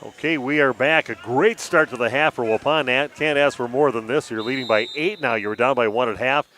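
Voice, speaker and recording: A man calling high school basketball play-by-play on local radio, brisk and steady with the odd "uh". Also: a little hiss or hum. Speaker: play-by-play announcer. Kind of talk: live basketball commentary.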